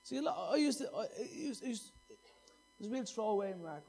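A man's voice: high voice, animated, a little fast, warm tone, husky, faint music behind. A middle-aged man preaching a sermon, impassioned and repeating phrases for emphasis.

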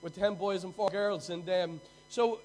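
An Irish man preaching a sermon, telling stories and swinging between loud bursts and hushed drops. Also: sits high, fairly even intonation, a little slow, slight background noise, low-quality recording. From Ireland.

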